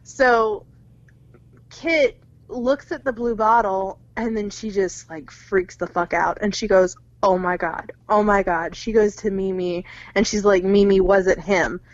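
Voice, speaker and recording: A woman's voice: medium pitch, fairly even intonation, measured pace, no room sound. Woman recapping a film, dull dry mic. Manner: retells the plot with lots of "like" and acted quotes, swears freely. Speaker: podcast co-host. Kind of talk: casual movie recap chat.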